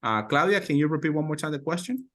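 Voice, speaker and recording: A man's voice: fairly high pitch, expressive, fast talker, fairly bright tone. A man teaching call center English on a video call, repeating phrases and encouraging the learners. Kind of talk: online class coaching.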